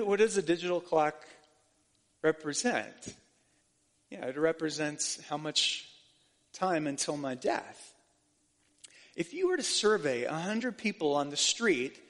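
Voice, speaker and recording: A male pastor preaching a sermon to his congregation, asking them questions and building to fervent emphasis, often restarting his words. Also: sits high. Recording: long hall reverb.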